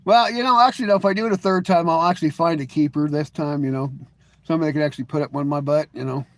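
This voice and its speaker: This middle-aged man's voice is fairly high, steady in tone and a bit bright, and he talks very fast while hosting a live stream. Chatting casually with viewers, he rambles, jokes, restarts, and keeps saying "you know."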